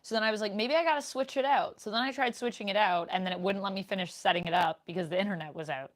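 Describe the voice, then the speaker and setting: A woman's voice: medium pitch, very fast, a bit bright. A young woman streamer chatting casually with her viewers in a live Q&A, reading out their comments as she goes. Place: home room, indoors. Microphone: desk microphone.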